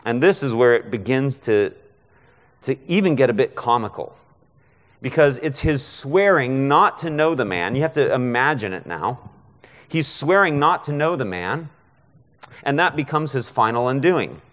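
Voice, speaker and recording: A man's voice: medium pitch, lively intonation, moderate pace, a bit bright, in a large hall. A man preaching a conversational expository sermon as a guest preacher, often checking in with listeners by asking "right?". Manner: conversational, frequent rhetorical "right?".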